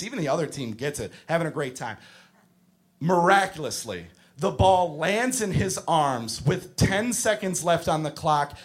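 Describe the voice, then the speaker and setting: A high-voiced man in his thirties doing stand-up on a club stage. He tells his story in a flat, deadpan way, then bursts into loud yelling. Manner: deadpan storytelling that erupts into shouting. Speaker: stand-up comedian.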